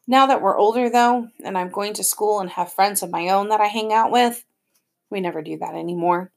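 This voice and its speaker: A woman's voice: mid-range voice, a little fast, creaky. A woman narrating an audiobook in plain first-person storytelling. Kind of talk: scripted narration.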